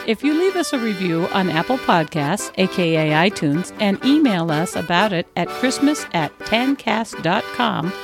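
Upbeat woman reading a podcast outro. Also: medium pitch. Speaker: podcast host. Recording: music playing behind the voice.

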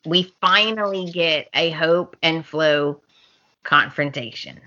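Bright-voiced woman podcaster, lo-fi. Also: low voice, takes it slowly. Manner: animated, acts out characters' lines. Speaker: podcast co-host. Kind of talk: casual chat recapping a soap opera. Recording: slightly dull lo-fi podcast audio.

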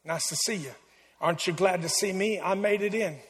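A man voicing a haughty, educated newcomer, softly speaking in a self-satisfied tone. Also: brisk, big-room sound, lightly acted. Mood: smug. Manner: soft, lowered, self-satisfied.

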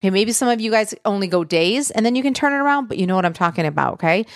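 A woman's voice: medium pitch, expressive, racing, no echo, clean studio sound. A woman weight loss coach giving an earnest, reassuring talk straight to her listeners. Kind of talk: motivational talk to viewers.

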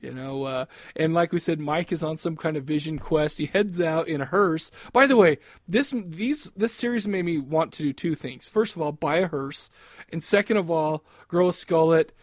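A man's voice: on the high side, normal speed, no echo. Giggly rambling man, dry close mic. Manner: rambling, giggly, crude jokes. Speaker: podcast co-host. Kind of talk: casual chat.

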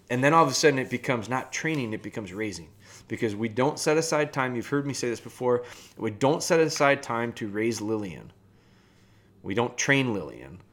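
A man hosting a podcast, explaining puppy training in a relaxed, conversational way, with fillers and restarts. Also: mid-range voice. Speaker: podcast host and dog trainer. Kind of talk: casual podcast talk.

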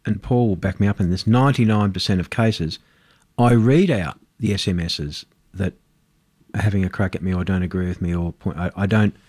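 A man's voice: fairly low pitch, no echo. A man hosting a radio talk show, chatty and self-deprecating, with frequent restarts, on a studio microphone. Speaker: radio host.

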